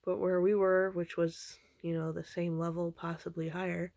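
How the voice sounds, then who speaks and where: A woman casually recounting a dream she had, rambling with many ums and restarts in a low-key way. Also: level tone, moderate pace, a little mellow, no echo. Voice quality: gravelly vocal fry.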